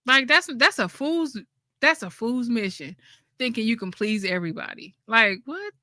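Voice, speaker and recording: A woman's voice: on the high side, expressive, moderate pace, pushed and bright, no room sound. Woman doing a casual livestream, blunt and laughy, dry close sound. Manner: blunt, laughing often, with slang. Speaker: channel host.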